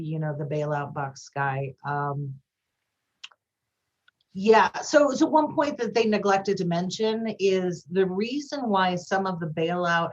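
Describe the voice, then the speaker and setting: A woman's voice: lowish voice, lo-fi sound. Sarcastic woman podcast co-host. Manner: animated, sarcastic, reads out listener comments. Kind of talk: casual political commentary chat.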